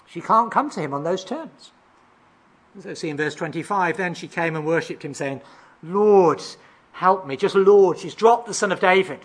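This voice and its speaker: A preacher delivering a sermon, explaining scripture verse by verse, asking rhetorical questions and sometimes pausing on fillers. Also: mid-range voice, animated. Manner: expository, asks rhetorical questions, reads out verses; occasional hesitant fillers and restarts.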